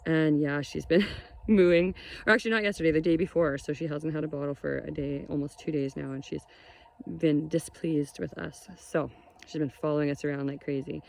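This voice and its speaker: A woman, chatting casually and excitedly in a vlog, recorded outdoors on a farm. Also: sits low, fairly quick, vocal fry. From Canada. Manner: chatty and exclamatory. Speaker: homesteader vlogger.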